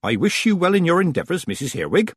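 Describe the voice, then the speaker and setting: A man's voice: on the high side, very animated, fast, breathy edge, no room sound, clean studio sound, voice pushed up. A man voicing a stern, commanding old woman witch in a storybook, clipped and cold.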